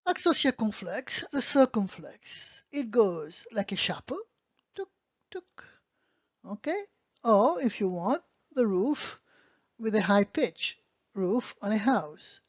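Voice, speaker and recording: Patient lady teacher going real slow, checks "okay?" a lot, kinda muffled dry audio. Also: mid-range voice, big pitch swings, no room sound. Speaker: French teacher. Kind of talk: slow beginner language lesson. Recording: dull lo-fi dry sound.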